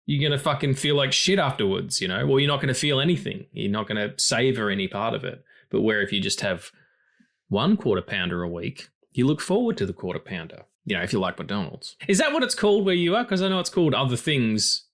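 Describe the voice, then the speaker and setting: Man, podcast co-host, lively pitch, profane, rambling casual chat. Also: quick pace, gravelly. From not from the co-host's country. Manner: rambling, profane, animated tangents.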